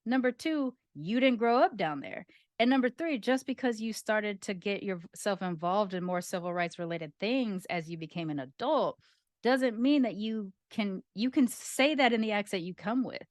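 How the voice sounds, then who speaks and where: A woman's voice: medium pitch, moderate pace, no echo. Emphatic woman on a dry podcast mic. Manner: emphatic, opinionated, counts points off. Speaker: podcast co-host. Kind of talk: casual podcast chat.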